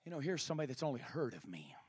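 A man preaching a sermon voices Jesus as a quiet, patient man gently rebuking his host. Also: medium pitch, very animated, racing, husky, dry recording, voice pushed down. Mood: gentle rebuke. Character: calm, gently reproachful Jesus, adult male.

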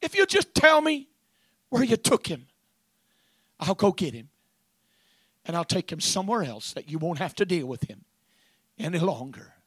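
A man preaching gives voice to a grieving, desperate woman who pleads softly and keeps breaking off and starting again. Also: sits high, big pitch swings, moderate pace, pauses often, slightly rough, dry recording, studio quality, voice pushed down, exaggerated voice. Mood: pleading. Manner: soft, pleading, breaking off and restarting.

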